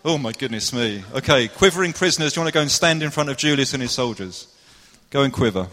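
A man's voice: medium pitch, lively intonation, fast, pushed and bright. A man cheerfully hosting a live drama presentation, playfully organizing the cast. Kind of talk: casual stage hosting. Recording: echoey hall.

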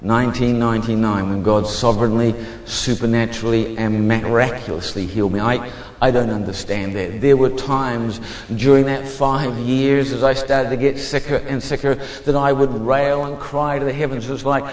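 A man giving a fervent testimony sermon as a preacher, moving between hushed and emphatic speech. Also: mid-range voice, flat delivery, moderate pace, echoey room, in a large hall.

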